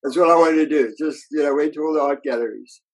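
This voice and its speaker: An older man, an illustrator, telling lively anecdotes about his career in a casual interview and acting out the voices of people he quotes. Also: on the high side, fast talker, poor audio.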